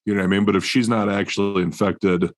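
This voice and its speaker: A man appearing as a guest on a casual podcast chat, talking in an animated, excitable way and swearing freely. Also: fairly low pitch, fast talker, no echo, clean studio sound.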